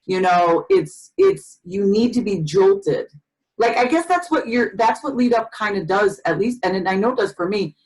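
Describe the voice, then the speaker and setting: A woman's voice: mid-range voice, normal speed, low-quality recording. A woman hosting a podcast, telling stories in a chatty way full of fillers and restarts. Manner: animated storyteller, many fillers and restarts. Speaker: podcast host. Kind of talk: casual conversation.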